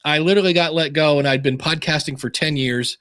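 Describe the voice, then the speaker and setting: A man's voice: on the high side, brisk, dry recording, clean studio sound. A middle-aged man from Ohio, a guest on a video-call interview, telling stories casually and acting out the voices of the people in them. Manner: animated storyteller acting out quoted voices. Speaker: podcasting guest.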